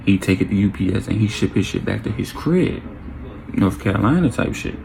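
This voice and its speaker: A man's voice: on the low side, fairly quick, creaky, a little hiss or hum. A young man telling a story in a casual vlog, acting out what people said and making sound effects. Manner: animated, acts out quotes with sound effects.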